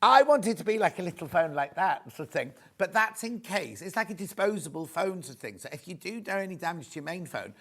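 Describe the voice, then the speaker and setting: A man's voice: high-pitched, expressive, fast talker, few pauses, fairly bright tone. A man presenting live on a shopping channel from a TV studio, chatting in a rambling, gushing way with plenty of asides. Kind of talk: live sales demo chat.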